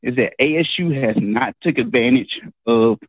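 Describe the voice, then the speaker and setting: A man's voice: mid-range voice, moderate pace, dry recording. A man calling in to a show, speaking hesitantly with many fillers. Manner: hesitant, full of fillers, laughing at first. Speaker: caller. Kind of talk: phone-in commentary. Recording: dull lo-fi phone line.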